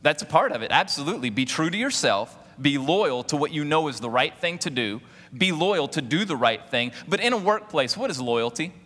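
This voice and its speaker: Pastor guy in his 40s preaching, lots of questions to the crowd, bright edgy voice, long echo off the hall. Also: a little high, sing-song, brisk. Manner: preaching with rhetorical questions and call-outs to the congregation. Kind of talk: sermon.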